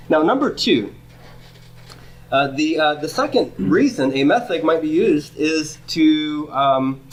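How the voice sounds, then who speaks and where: A man's voice: medium pitch, a little hiss or hum. Patient man lecturing on Hebrew grammar. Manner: patient, checks in with "okay?" and "right?". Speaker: Hebrew teacher. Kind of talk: classroom lecture.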